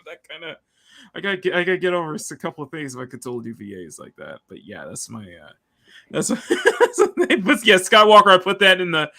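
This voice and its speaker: A man's voice: a little high, quick pace. A man from Texas hosting a live stream, chatting casually and laughing a lot between his sentences. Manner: giggly, animated. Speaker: streamer host. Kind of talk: casual chat.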